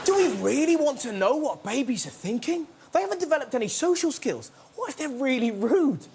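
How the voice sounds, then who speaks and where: A man hosts a topical comedy show in a cheeky, excitable way and shouts out his punchlines. His voice sits very high for a man. Heavy noise sits under the recording. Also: fairly quick, vocal fry. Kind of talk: stand-up topical comedy monologue.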